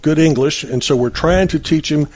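A man's voice: on the high side, normal speed, darkish tone, slight background noise. A man, a parish volunteer answering radio interview questions with many hesitations.

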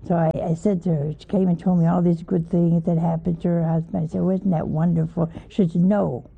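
Gravelly woman preaching over a tinny line. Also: lowish voice, flat delivery, fast. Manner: folksy, questioning, chuckling asides. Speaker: religious teacher. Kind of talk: informal sermon. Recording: tinny phone-like old recording.

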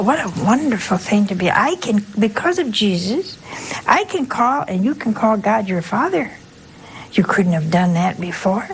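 A woman's voice: mid-range voice, a little hiss or hum, rough recording. An older woman, a nun, giving an informal, folksy sermon, often asking her listeners questions. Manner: folksy, conversational, asks audience questions. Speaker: nun preaching.

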